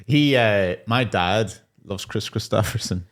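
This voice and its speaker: Young male stand-up, lower pitch, loose jokey podcast banter with frequent laughs. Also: unhurried. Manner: jokey, laughs often, acts out quotes. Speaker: podcast co-host and stand-up comic. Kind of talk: casual comedy chat.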